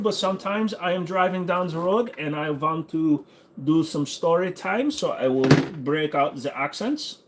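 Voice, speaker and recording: Brief: man doing a hammy mock-German speaker, stiff and formal, slow and deliberate. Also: sits high, voice pushed up, heavily acted.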